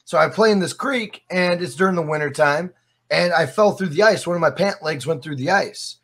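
A man guesting on a casual podcast, his voice sitting a little high for a man. He tells stories with lively energy, swears freely and repeats his phrases for weight. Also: fairly quick, slightly rough. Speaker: interview guest.

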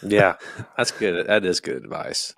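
Male remote co-host, low voice, dry sound, sheepish. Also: steady tone, unhurried, gravelly, fairly bright tone, no echo. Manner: sheepish, self-deprecating. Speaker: podcast co-host. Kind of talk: casual chat.

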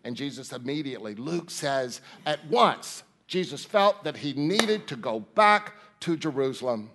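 A man's voice: mid-range voice, lively intonation, unhurried, fairly bright tone, slight background noise. A man preaching a sermon as minister, emphatic, repeating key phrases and asking his listeners rhetorical questions. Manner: addresses listeners directly, asks rhetorical questions. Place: church sanctuary.

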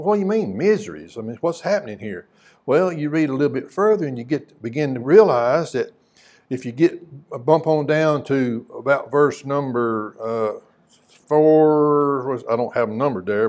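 Preacher guy, chatty sermon, lots of rhetorical questions, reads old scripture in between. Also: mid-range voice. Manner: reads scripture aloud in old-fashioned wording.

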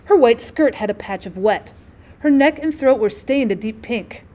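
A woman teacher narrating a classic short story as an audiobook, in a measured, expressive way. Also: on the high side. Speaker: teacher reading aloud.

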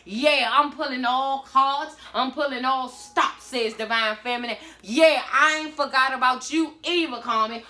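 A woman's voice: high-pitched, roomy sound. A woman giving a blunt, sassy tarot reading in a casual monologue. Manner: sassy, blunt, animated storytelling. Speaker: tarot reader.

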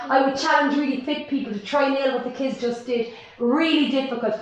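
A woman's voice: sits high, slight background noise. An Irish woman leading a live-streamed workout class from home. She cheers people on and counts down. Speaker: fitness instructor. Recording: echoey room.

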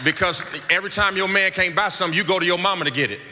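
A man preaching from the pulpit in a high, ringing voice with a lilt, his shouted and half-sung phrases carried through a big hall with a long echo. The congregation's noise sits plainly underneath. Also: very fast. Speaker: pastor. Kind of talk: sermon. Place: church sanctuary. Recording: large echoing church hall with crowd noise.

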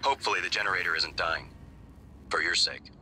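A man voicing a calm radio contact. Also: deep voice, noisy background, lightly acted. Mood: steady. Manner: measured, steady briefing. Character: calm male mission contact over the suit radio.

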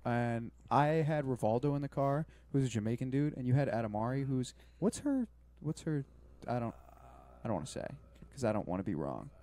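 A man's voice: mid-range voice, very animated, fairly quick, warm tone. A young man in casual podcast chat, breaking in with jokes and swearing freely. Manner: joking, interjecting banter with swearing. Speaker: podcast co-host.

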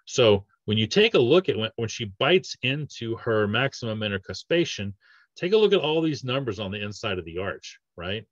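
This dentist's voice sits on the low side and has a sing-song lilt at a moderate pace. Giving a casual training webinar on patient cases, he talks conversationally and keeps using fillers and restarting sentences. The audio is dry and dull.

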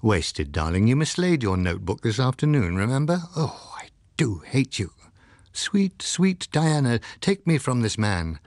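A man reading the part of a wistful, teasing young wife in an audiobook, his voice lifted and soft. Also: medium pitch, very animated, moderate pace, hardly any pauses, dry recording, studio quality, natural voice. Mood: dreamy.

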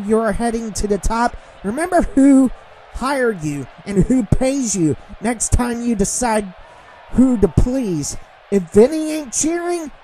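A brash, trash-talking heel wrestler, as a man plays him for a wrestling game. He shouts his insults in a high, swooping voice and stretches out every taunt. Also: exaggerated voice, low-quality recording. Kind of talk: role-play voicing a game character.

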